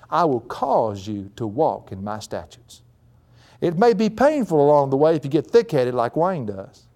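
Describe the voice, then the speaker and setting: A middle-aged man delivers a folksy sermon to a live audience. He moves from hushed, earnest lines to sudden bright, high-pitched excitement, with a lot of chuckling. His voice sits at a mid pitch in his calm stretches. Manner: folksy and animated, laughing often, rising high in excitement. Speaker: preacher. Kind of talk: sermon with personal story.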